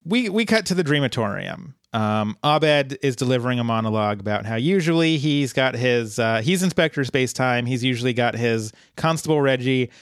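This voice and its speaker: A man's voice: mid-range voice, lively intonation, smooth, no echo. Chatty male podcast co-host, dry close sound. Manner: chatty, halting, many restarts and fillers, laughs easily. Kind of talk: casual TV episode recap chat.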